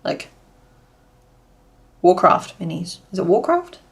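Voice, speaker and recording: A woman's voice: on the low side, big pitch swings, slow pace, vocal fry. A woman hosting a casual crochet livestream, chatting and making puns as she works. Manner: chatty, answers chat and makes puns while working.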